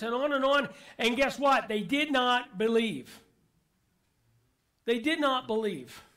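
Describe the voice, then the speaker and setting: A man's voice: very high voice, a bit bright. A male pastor giving a sermon to his congregation, emphatic and full of rhetorical questions. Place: church.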